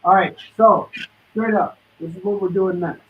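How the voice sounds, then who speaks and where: Hosting a comic book sale on a live stream, this man pitches titles and prices with hustling patter. His voice is high and steady, his pace moderate, with slight background noise. The audio has a distant, dull, lo-fi stream quality.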